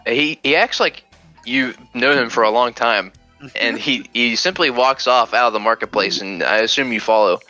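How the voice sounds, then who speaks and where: A man narrating as game master in a tabletop game, halting and restarting often. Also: medium pitch, bright, forceful tone, faint music behind, poor audio.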